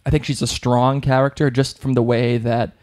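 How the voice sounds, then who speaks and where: A young man with a Boston accent chats loosely as a podcast co-host, circling back and restarting his sentences. His voice sits at an ordinary, middle pitch. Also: flat delivery, normal speed, a little mellow. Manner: chatty, rambling, with frequent restarts. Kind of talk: casual chat.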